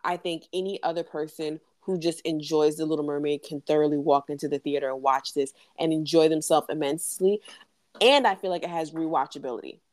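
A woman co-hosting a podcast in casual chat, an animated storyteller who laughs often. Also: sits low, fairly quick, dry recording, clean studio sound. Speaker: podcast co-host.

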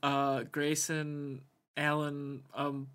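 Relaxed male co-host, bright higher voice, loose and hesitant delivery. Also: very slow. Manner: laid-back, hesitant, lots of fillers. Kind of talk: casual sports talk.

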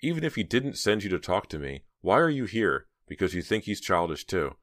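A man's voice: deep voice, very animated, a little fast, fairly bright tone, no echo, clean studio sound, voice pushed up. A man voicing a defensive teenage girl, talking in tense, clipped lines.

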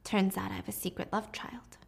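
A woman's voice: mid-range voice, level tone, a little fast, gravelly, slightly rough, whispered. A woman voicing a resentful rich man who confronts his former lover. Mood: smug. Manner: tense, accusing.

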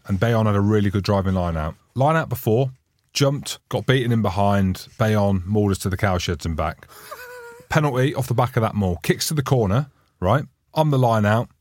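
Animated man telling stories. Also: fairly low pitch, normal speed, no room sound. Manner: animated storyteller, mimics shouting coaches. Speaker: podcast co-host, former player. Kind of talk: casual banter.

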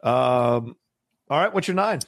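A man co-hosting a casual movie chat, animated and quick to agree and interject. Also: mid-range voice, vocal fry, no echo. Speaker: podcast co-host.

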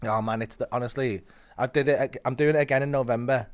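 A middle-aged man, a comedian guest chatting casually on a podcast, talking fast and cutting himself off mid-sentence, with the odd swear. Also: mid-range voice, fairly even intonation. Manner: fast, swearing, self-interrupting storyteller.

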